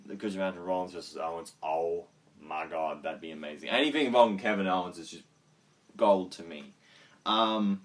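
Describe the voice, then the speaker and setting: Guy rambling through a wrestling recap, lowish voice, lots of swearing and ums, kinda far from the mic. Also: moderate pace. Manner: excitable, swears freely, many ums. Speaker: wrestling show reviewer. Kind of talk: casual video review.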